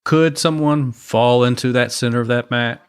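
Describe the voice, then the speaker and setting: A man cohosting a podcast, talking in a lively, expressive way. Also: mid-range voice, moderate pace, smooth. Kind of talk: casual chat.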